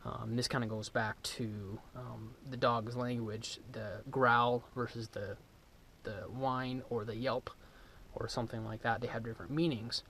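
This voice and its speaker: A man's voice: medium pitch, a little slow, slight background noise. Easygoing man explaining dog training outdoors. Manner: relaxed, rambling, many ums and restarts. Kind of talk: casual outdoor instruction.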